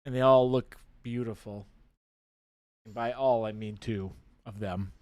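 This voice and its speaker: A man's voice: lowish voice, steady tone, a little slow, darkish tone, no room sound. A man co-hosting a hobby painting livestream, teasing his co-host and laughing often, with playful announcer bits. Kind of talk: casual banter on a painting livestream.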